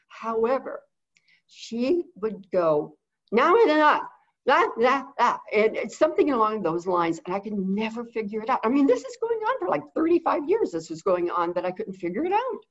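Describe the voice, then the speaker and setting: Low-voiced chatty middle-aged woman. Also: highs cut off. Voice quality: low-set voice. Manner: quick, rambling, chatty with many fillers. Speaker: guest bird behavior consultant. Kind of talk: webinar teaching talk.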